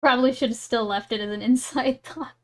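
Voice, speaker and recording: Woman, streamer, giggly, self-deprecating, rambling, higher pitch. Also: fairly even intonation, a little fast. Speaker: streamer reacting live. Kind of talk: casual live-stream chat.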